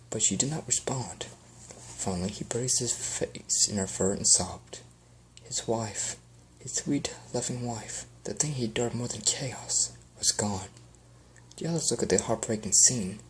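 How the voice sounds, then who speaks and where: A man's voice: lowish voice, a little hiss or hum. A man earnestly reading fan fiction aloud as an amateur audiobook, with small slips.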